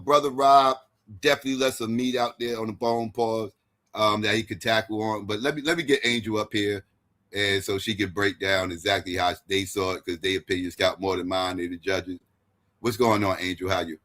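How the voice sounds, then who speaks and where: A man's voice: on the low side, steady tone, fairly quick, fairly bright tone. A man hosting and moderating a debate show, giving a casual, rambling recap full of swearing and restarts. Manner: profane, rambling, many restarts, keeps asking "right?". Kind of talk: casual post-debate commentary.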